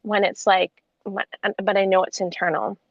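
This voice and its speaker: A woman speaks in a reflective, affirming way, chatting casually as a guest. Her voice sits at a medium pitch and comes through dull, lo-fi audio with no room echo. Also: fairly even intonation, moderate pace. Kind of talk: casual conversation.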